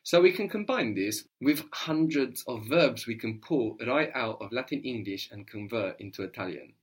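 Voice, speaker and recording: A man's voice: medium pitch, lively intonation, normal speed, slightly rough. Patient male language teacher. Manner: patient, prompting, often asks "no?". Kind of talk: spoken language lesson.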